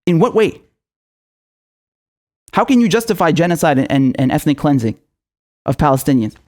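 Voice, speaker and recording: Commentator, male, high voice, furious and sweary, sarcastic rant. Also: big pitch swings, fast, darkish tone. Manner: furious, profane, sarcastic, repeats himself; mocking mimicry in asides. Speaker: political commentator. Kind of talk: angry political rant to camera.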